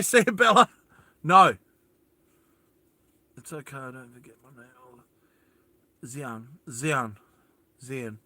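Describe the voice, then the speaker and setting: A man's voice: a little high, bright, forceful tone, dry recording. A man hosting a live stream, chatting casually with viewers and reading their comments in a rambling, self-deprecating way. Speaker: livestream host.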